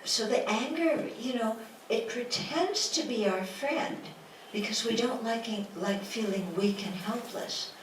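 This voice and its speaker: In a lecture room, a woman Buddhist teacher gives a dharma talk, asking the audience rhetorical questions and playfully acting out quotes. Her pitch is fairly high and her delivery a little slow. The recording is distant and noisy, in an echoey room.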